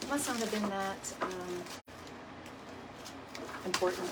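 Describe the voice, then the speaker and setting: Speaking slowly in a medium-pitched voice, a middle-aged woman hosts a casual live DIY decor stream, chatting and laughing frequently as she crafts. She's fond of "y'all" and "right?", and the recording has a distant mic with noticeable room noise.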